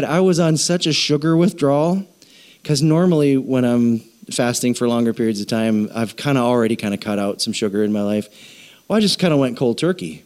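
A middle-aged man preaching a sermon as pastor, telling a self-mocking story in an animated way. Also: medium pitch, normal speed.

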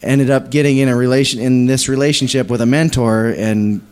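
A man's voice: medium pitch, steady tone, fairly quick, a little mellow, clean tone. Man telling a church testimony, rambling, voices the people in the story. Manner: rambling, many restarts, acts out quoted voices. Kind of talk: animated storytelling in a church service.

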